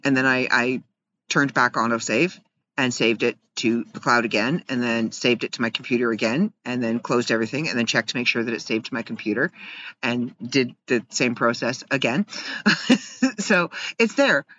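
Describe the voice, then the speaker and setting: A man's voice: mid-range voice, moderate pace, bright, forceful tone. A man casually telling a rambling, self-deprecating story in a personal vlog, laughing often. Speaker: vlogger. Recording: slightly muffled with faint background hiss.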